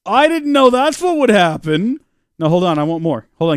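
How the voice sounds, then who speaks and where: Playful gravelly man streaming a game. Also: expressive, moderate pace, dry recording, studio quality. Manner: playful, talks to chat, jumps into silly high voices. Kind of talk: live gameplay commentary.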